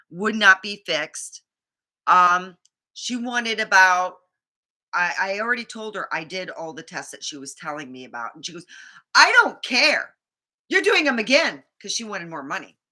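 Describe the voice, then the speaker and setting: Bright-voiced woman ranting about a doctor visit. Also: on the low side. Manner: rambling, indignant storytelling with acted-out quotes. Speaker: vlogger. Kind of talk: casual monologue.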